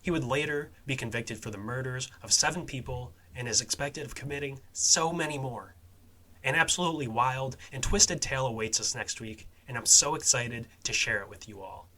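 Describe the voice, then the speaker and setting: A man hosting a true-crime and survival podcast, talking casually with swearing and fillers, his voice dropping quietly at phrase ends. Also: mid-range voice, normal speed. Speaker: podcast host.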